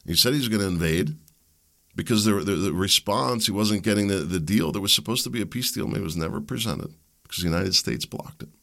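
A man's voice: on the low side, lively intonation, quick pace, gravelly, pushed and bright. A man hosting a solo podcast, rambling and conversational, often correcting himself mid-sentence and asking pointed questions. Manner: opinionated and questioning. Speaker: podcast host.

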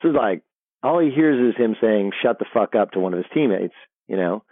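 A middle-aged sports broadcaster is an interview guest, animatedly telling locker-room stories and often restarting his sentences. His voice is fairly low and brisk, coming through a dry, tinny phone line.

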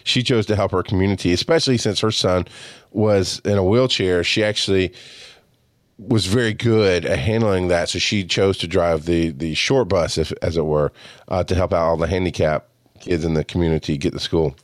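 A man's voice: deep voice, normal speed, dry recording, studio quality. A man in his forties telling a casual, profane story about his friends as a podcast host, acting out their lines. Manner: profane, animated, acts out quotes of friends.

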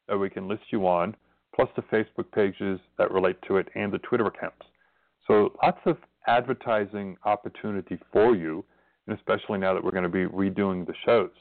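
A man's voice: lowish voice, creaky, no echo. A man hosting his own spiritual radio show, talking casually and earnestly in a rambling, storytelling way. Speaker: radio host and spiritual reverend. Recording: tinny phone-line call-in audio.

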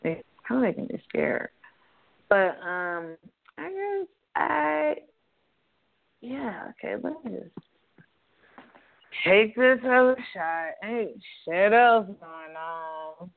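A woman's voice: medium pitch, very animated, slow, creaky, long pauses. A young woman hosting a casual call-in talk show from her apartment, blunt and profane, rambling and laughing as she talks. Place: apartment room. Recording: tinny phone-like line.

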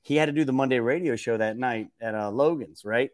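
A man's voice: medium pitch, a little fast, dry recording, studio quality. A man guest telling stories casually, acting out quotes in a raised voice and laughing often. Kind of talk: casual podcast storytelling.

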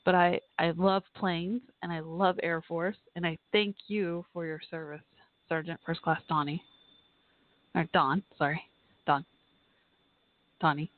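A chatty woman hosting a call-in podcast from her home office. She thinks out loud and apologizes often. The sound is dry and thin, like a phone line. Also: lowish voice, fairly even intonation, normal speed, few pauses, dry recording. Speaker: podcast host. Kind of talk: casual call-in show chat.

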